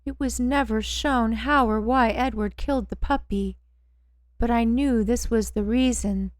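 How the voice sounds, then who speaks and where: A woman narrating a first-person audiobook in a slow, measured way. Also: on the high side, no room sound.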